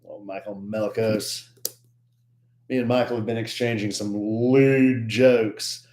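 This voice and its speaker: A man's voice: fairly low pitch, steady tone, takes it slowly, a little mellow. A man co-hosting a podcast live stream, joking around and greeting viewers by name in casual chat. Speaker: podcast co-host.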